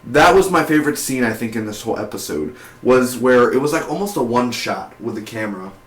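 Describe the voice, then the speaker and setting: A man giving a casual spoiler review of a TV episode, talking in an excitable, rambling way with lots of fillers and restarts. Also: medium pitch, brisk. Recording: echoey room.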